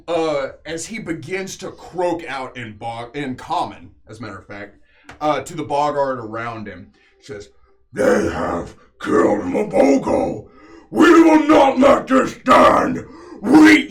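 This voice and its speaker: Game-master type: a man with a fairly high voice and a very animated delivery, narrating battle scenes in detail. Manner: vivid, unhurried scene narration with filler pauses.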